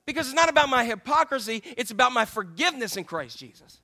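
A middle-aged male pastor preaching a candid, self-deprecating sermon full of jokey asides and sudden high exclamations. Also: sing-song, quick pace, sharp tone. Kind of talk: humorous conversational sermon.

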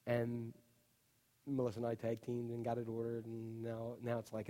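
A man preaching a chatty, animated sermon as a pastor, full of asides and "you know". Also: mid-range voice, normal speed. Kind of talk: conversational sermon. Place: church. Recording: long reverb of a church hall.

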